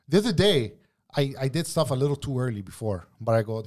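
A man's voice: mid-range voice, animated, fairly quick. A man, a kitchen cook telling a work story as a podcast guest, blunt and profane, calling everyone "bro.". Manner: blunt, profane ranting, says "bro" constantly. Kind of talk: casual storytelling chat.

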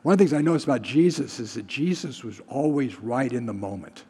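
A male pastor preaching in a relaxed, conversational way and often putting questions to his listeners. His voice is a little husky, with a long reverb trailing after his words as in a large hall. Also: mid-range voice, a little fast. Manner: conversational, asks the congregation questions. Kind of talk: sermon.

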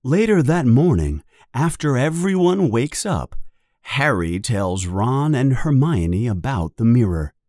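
A man narrating a children's story in a slow, deliberate, expressive way. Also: medium pitch, no echo, studio quality. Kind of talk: storybook reading.

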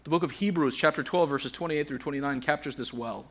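A man's voice: on the high side, fast talker, hardly any pauses. Earnest man preaching a sermon. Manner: earnest, swings from forceful emphasis to hushed softness.

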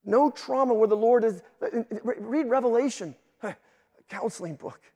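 A man delivers a sermon in a high-pitched voice, pressing his points with emphatic force and stuttered restarts. His words ring out with a long reverb, as if in a large church hall. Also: normal speed, a little mellow. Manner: emphatic preaching, repeats words when starting sentences. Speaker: guest pastor.

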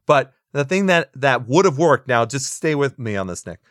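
A man's voice: medium pitch, big pitch swings, moderate pace, a bit bright, no echo, clean studio sound. A man co-hosting a casual podcast, rambling through a film recap with frequent restarts and small chuckles. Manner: rambling, repeats words, chuckles while recapping. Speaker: podcast co-host reviewing a film. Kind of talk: casual chat.

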